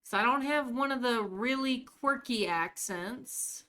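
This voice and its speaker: A woman's voice: a little high, measured pace, pushed and bright. An American woman streaming a game live, chatting casually and talking to her viewers by name while she plays.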